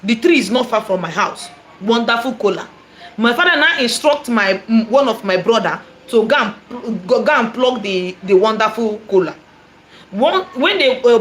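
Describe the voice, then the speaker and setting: A woman with a Nigerian accent, a prophetess telling a personal testimony in an animated, repetitive way, dropping in Igbo phrases. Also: a little high, slight background noise. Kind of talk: testimony storytelling.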